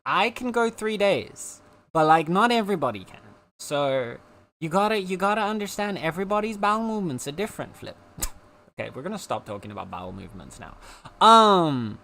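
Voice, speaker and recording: Casual young streamer, light South African accent, mid-pitched and animated, chatty and easily distracted. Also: fairly quick. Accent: slight South African, between British and American. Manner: giggly, rambling, easily sidetracked. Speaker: live streamer.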